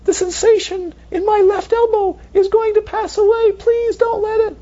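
A shrill wailing emotion. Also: male voice, little pitch movement, normal speed, dark tone. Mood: panicked. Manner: wailing, melodramatic pleading. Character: shrill pleading emotion, panicky and melodramatic. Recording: dull lo-fi recording, faint hiss.

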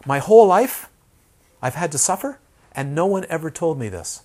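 A man voicing an indignant elderly woman student who complains loudly that nobody told her sooner. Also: medium pitch, lively intonation, a little fast, husky.

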